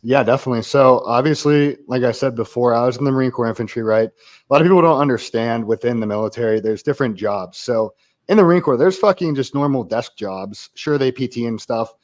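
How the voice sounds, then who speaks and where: Male podcast guest, ex-Marine, mid-pitched, blunt and profane, casual. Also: brisk. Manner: blunt, profane, laughs easily.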